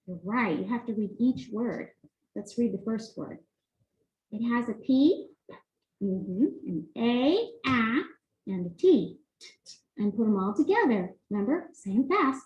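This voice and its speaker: A young woman teaching a children's reading lesson, encouraging and sing-song, sounding out words slowly. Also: fairly high pitch, animated. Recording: echoey room, slightly dull sound.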